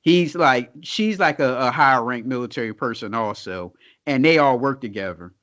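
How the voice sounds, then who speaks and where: A man's voice: mid-range voice, expressive, moderate pace, a bit bright. A man co-hosting a podcast in casual chat, laid-back, asking short questions and laughing often. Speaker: podcast co-host. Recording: dull lo-fi sound.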